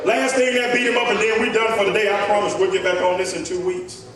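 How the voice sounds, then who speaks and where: A male pastor preaching a sermon, rising into shouts and speaking straight to the congregation. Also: high-pitched, level tone, fast talker, background noise. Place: church sanctuary. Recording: echoey church hall from far off, congregation. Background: congregation responding.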